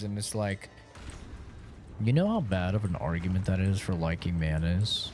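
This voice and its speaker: A man's voice: deep voice, normal speed, a little mellow, slight background noise. A man streaming a game, chatting casually and swearing as he plays and rants. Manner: swears freely, rants animatedly. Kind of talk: casual gameplay commentary.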